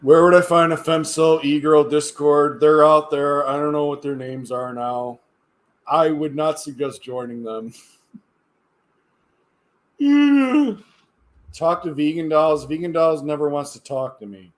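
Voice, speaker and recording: A man's voice: on the high side, steady tone, normal speed. A tired man chatting casually on a livestream, rambling and hesitant, often trailing off into mumbles. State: tired, yawning. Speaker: livestreamer reading chat.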